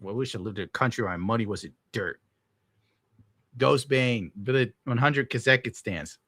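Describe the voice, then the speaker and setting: A young man with a bright, forceful voice rants bitterly and swears constantly as he comments on a stream. The sound is dry and close, with no room around it. He talks in a casual, sour way. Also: medium pitch, moderate pace, no echo. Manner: bitter, crude, heavy swearing. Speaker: streamer reacting to clips.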